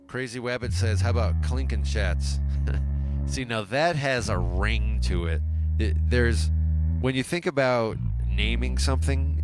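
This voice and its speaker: Rambling man over loud synth music. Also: lowish voice. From United States. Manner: musing, rambling, self-interrupting. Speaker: livestream host. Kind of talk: casual chat reading viewer comments. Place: home music studio.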